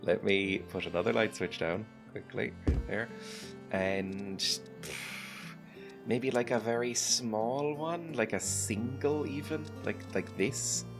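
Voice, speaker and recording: A man's voice: fairly low pitch, slow. A man chatting casually over a game, rambling and laughing often at his own asides, with music playing behind him. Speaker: gameplay video creator. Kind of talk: casual gameplay commentary. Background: background music.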